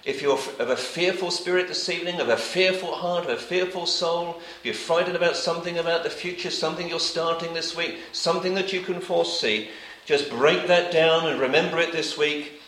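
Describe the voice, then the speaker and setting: A man preaching a sermon, reading scripture aloud and repeating his points, often letting his phrases drop to a quiet close. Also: a little high, fairly quick, hardly any pauses, echoey room, low-quality recording.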